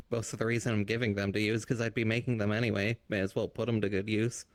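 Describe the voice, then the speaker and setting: A man's voice: lowish voice, little pitch movement, fast talker, dry recording. A man in casual in-character roleplay over voice chat, speaking in a laid-back, offhand way. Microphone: voice chat mic.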